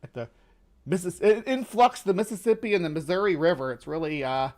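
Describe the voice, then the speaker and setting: Male host, lower Midwestern accent, slightly high-pitched, loose rambling commentary. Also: brisk, a little mellow. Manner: rambling, with many fillers and restarts. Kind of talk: casual commentary reacting to a video.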